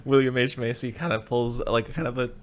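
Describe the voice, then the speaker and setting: A man's voice: mid-range voice, fairly even intonation, brisk, a little hiss or hum. A man hosting a casual movie podcast, swearing freely and acting out characters' lines in a raised voice. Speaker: podcast host.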